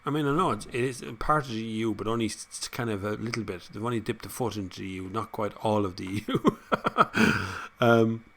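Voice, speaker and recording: An Irish man hosts a casual live chat, reading out viewer comments and rambling in between with frequent laughs in a chatty manner. His voice is on the low side, fairly quick, and fairly bright.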